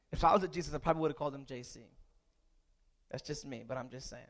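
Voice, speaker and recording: A man preaching as a pastor, moving from a relaxed story to loud, repeated calls to the congregation. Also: medium pitch, very fast. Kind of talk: sermon.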